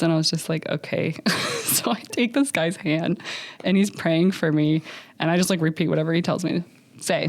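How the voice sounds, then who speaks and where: A young adult woman, a podcast guest, telling her story in an animated, filler-heavy way and acting out what others said. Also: lowish voice, a little fast, no room sound. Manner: animated, many fillers, acts out others' lines. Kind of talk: storytelling in a conversational interview.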